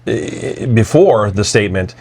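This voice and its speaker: A man's voice: on the low side, expressive, measured pace, a little mellow, slightly rough. A man co-hosting a podcast, talking in an earnest, reflective way with frequent restarts. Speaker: podcast co-host. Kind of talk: casual conversational podcast talk.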